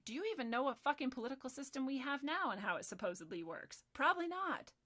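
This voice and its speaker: A woman's voice: high voice, a bit bright. Fired-up profane woman ranting on stream. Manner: heated, profane, sarcastic. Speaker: livestream host. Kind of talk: angry ranting livestream.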